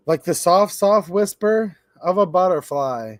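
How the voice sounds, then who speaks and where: A man's voice: high-pitched, expressive, unhurried, no room sound, studio quality. A man hosting a live stream, reading a children's rhyme book aloud in a playful sing-song way.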